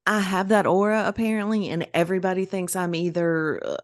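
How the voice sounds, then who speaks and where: Middle-aged woman, podcast co-host, animated storyteller, slightly low voice, dry close sound. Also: a little fast, dry recording. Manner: animated, laughing, acts out quoted voices. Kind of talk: casual storytelling chat.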